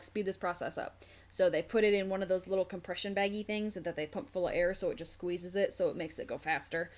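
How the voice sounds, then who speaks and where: Candid young woman vlogger swearing freely. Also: medium pitch. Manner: candid, frank, swears freely, many fillers; acts out quoted nurses and herself. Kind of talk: casual storytelling.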